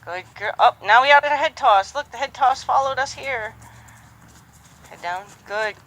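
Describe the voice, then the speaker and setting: A horse trainer working a horse outdoors, speaking calmly and giving repeated soft praise while explaining each step. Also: high voice, normal speed, poor audio. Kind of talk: live training commentary.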